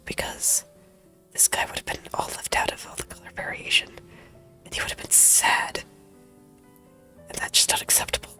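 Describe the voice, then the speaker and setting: A woman streamer who has lost her voice, chatting to herself in a soft, playful whisper while she draws, close to a very sensitive mic. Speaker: streamer drawing digital art. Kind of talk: casual chat while drawing. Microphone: high-sensitivity desk mic, close.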